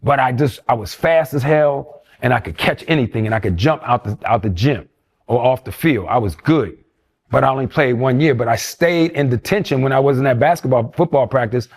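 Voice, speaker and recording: A man's voice: mid-range voice, fairly quick. A man, telling stories from his youth in an interview and acting out the voices of the people he quotes. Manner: animated storyteller who acts out quoted voices. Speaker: interview guest. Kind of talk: storytelling interview.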